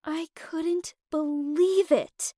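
A young woman telling a first-person story with expressive, emotional delivery. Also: extremely high pitch, very slow, no room sound, studio quality. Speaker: narrator.

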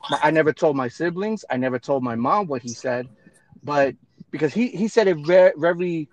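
A man's voice: a little high, lively intonation, normal speed, rough recording. A man co-hosting a podcast, telling personal stories in a blunt, emphatic way with casual swearing. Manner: blunt, emphatic storytelling with profanity. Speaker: podcast co-host. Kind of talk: casual chat.

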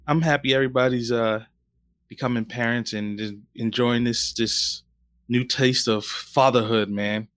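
A man's voice: medium pitch, steady tone, normal speed, fairly bright tone, dry recording. A young man chatting casually on a podcast in a laid-back, teasing way. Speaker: podcast co-host. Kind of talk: casual chat.

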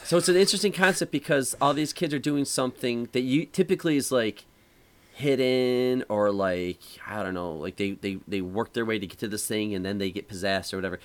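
A man's voice: mid-range voice, fairly quick. A man hosting a casual podcast chat, rambling through a story with lots of fillers and restarts. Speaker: podcast host.

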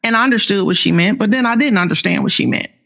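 Gravelly-voiced woman in her fifties. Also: mid-range voice, lively intonation, a bit bright. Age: 50s. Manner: slow, earnest, faith-filled storytelling. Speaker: author guest. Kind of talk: personal testimony interview.

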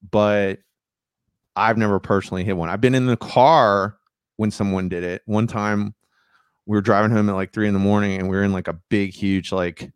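A man's voice: lowish voice, clean tone, no echo. A man co-hosting a podcast, bantering in a laid-back, joking way in casual chat. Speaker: podcast co-host.

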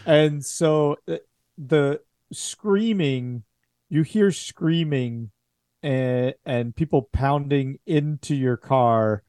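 A man's voice: on the high side, very slow, a little mellow, no echo, clean studio sound. A man running a tabletop horror game as game master, narrating in a loose, chatty way.

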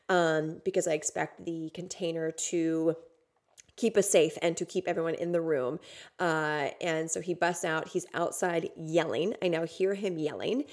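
Woman podcaster, low voice, casual and intense storytelling with fillers and curses. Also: fairly even intonation, normal speed, a little mellow. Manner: casual, filler-heavy, swearing, intense retelling. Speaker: podcast host. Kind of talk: personal storytelling monologue.

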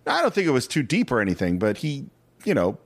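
A man's voice: medium pitch, fast talker, no room sound. A middle-aged man co-hosting a casual podcast, retelling film scenes with feeling. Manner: animated storyteller, recounts scenes and quotes lines. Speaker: podcast co-host.

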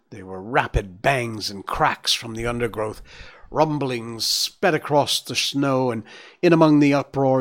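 A man narrating a storybook in a measured, dramatic reading. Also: mid-range voice, fairly bright tone. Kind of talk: audiobook reading.

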